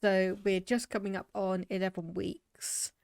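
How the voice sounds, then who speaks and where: A woman's voice: medium pitch, little pitch movement, unhurried, vocal fry, a little mellow, clean tone, dry recording, clean studio sound. A young British woman chatting casually with her live viewers while loading a game, laughing often and thinking aloud. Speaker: game streamer. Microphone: desk microphone.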